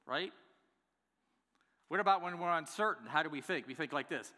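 A man preaching a sermon as pastor, playful and lively, acting out the excuses people give. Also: a little high, a little fast, in a large hall. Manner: lively, playful, acts out congregants' replies. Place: church worship center.

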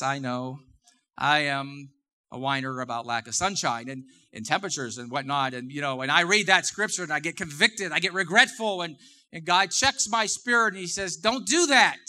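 A middle-aged man with a very bright, somewhat high voice, preaching to his congregation. He talks in a relaxed, conversational way, repeats his phrases, and pushes his voice up when he stresses a point. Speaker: pastor. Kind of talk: sermon. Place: church.

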